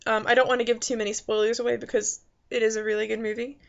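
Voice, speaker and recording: A woman talks through a movie review in a loose, rambling way, full of fillers and restarts. Her voice sits a little high with a gravelly fry at the ends of phrases. The recording is dull and lo-fi. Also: level tone, fast. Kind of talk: casual spoken movie review. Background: faint background noises.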